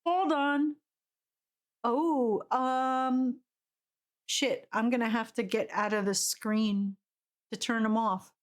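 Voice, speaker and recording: A woman's voice: fairly high pitch, fairly even intonation, slow, pauses often. A woman streaming a video game, chatting casually with her viewers and giggling often. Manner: chatty, giggly, greets chat. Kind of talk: live game commentary.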